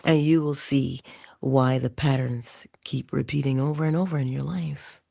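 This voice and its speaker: A woman giving an inspirational monologue to her listeners. She speaks deliberately, addresses them directly and drops into whispers for emphasis. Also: a bass voice, fairly even intonation, gravelly, noisy background. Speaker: motivational speaker.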